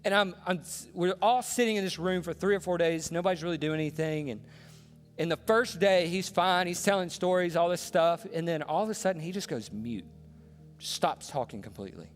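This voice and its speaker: Pastor preaching in an echoing hall. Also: male voice, sits high, fairly quick. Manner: storytelling, swings from hushed to passionate. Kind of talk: sermon. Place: church sanctuary. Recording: long reverb in a large hall with soft music.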